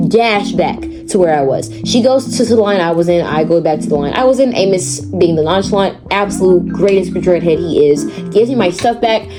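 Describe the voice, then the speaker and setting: A teenage girl telling a story on her vlog, dramatic and animated, repeating words for effect. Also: medium pitch. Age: teens. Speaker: vlogger. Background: background music.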